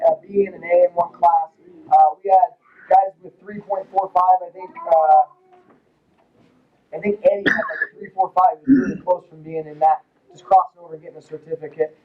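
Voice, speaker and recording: Male coach with a high voice, rambling and joking through a banquet speech in a lodge hall. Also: dull audio. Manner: casual, rambling, joking with the audience. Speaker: wrestling coach.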